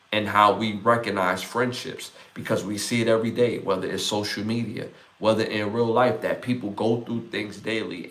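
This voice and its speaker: A man's voice: on the low side, fairly bright tone. A man in his forties hosting a podcast, talking through his thoughts in a casual, reflective monologue full of "like" and "right?". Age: 40s. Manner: reflective, conversational, talks things through with "like" and "right?". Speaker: podcast host. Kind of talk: casual solo podcast talk.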